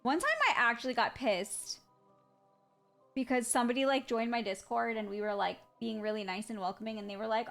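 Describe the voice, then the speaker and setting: A woman's voice: fairly high pitch, steady tone, normal speed, fairly bright tone, soft background music. A woman live streamer chatting casually with her viewers, blunt and swearing freely, laughing through her stories.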